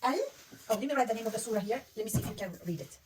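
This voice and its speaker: Patient high-voiced woman teaching reading. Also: racing, far from the mic, very noisy. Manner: patient, coaxing, asks many questions. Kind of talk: one-on-one reading lesson.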